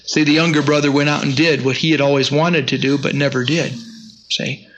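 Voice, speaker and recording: A man's voice: on the high side, fairly even intonation, a little fast, fairly bright tone, slight background noise. A man teaching the Bible in a sermon, reading scripture aloud with rising emphasis.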